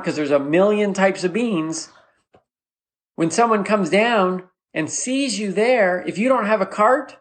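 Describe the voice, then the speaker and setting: In a solo comedic monologue, a comedy podcast host tells a rambling story in an animated, mock-rallying style. He jumps into a squeaky high voice whenever he quotes people.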